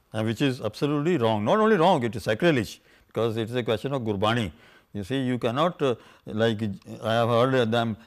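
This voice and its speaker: An older man giving an unscripted scholarly lecture on pronunciation, halting with many fillers and "you see", slowing down to chant quoted verses. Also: medium pitch. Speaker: scholar lecturing on scripture language.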